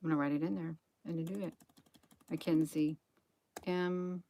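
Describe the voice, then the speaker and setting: A woman's voice: deep voice, steady tone, normal speed, mellow, slight background noise. A woman hosting a casual livestream, musing aloud, reading from the screen and answering chat. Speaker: livestream host.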